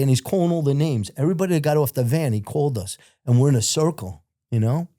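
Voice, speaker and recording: Middle-aged male guest, mellow low tone, profane storyteller with a dead, dry sound. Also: fast talker, no echo. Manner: profane, acts out other people's shouted lines; rambling, repeats filler phrases. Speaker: podcast guest. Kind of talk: casual storytelling.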